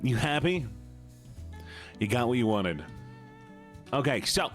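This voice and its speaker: A man's voice: medium pitch, lively intonation, takes it slowly, faint music behind. A man streaming live, chatting casually and playfully with his viewers. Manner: bubbly, playful, chatty with chat.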